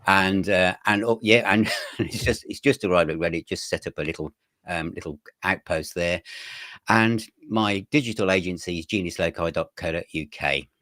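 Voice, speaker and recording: A man, a magazine editor, chatting as an interview guest and telling his story in a relaxed, rambling way. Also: low voice, normal speed, no room sound, clean studio sound. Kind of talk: casual interview chat.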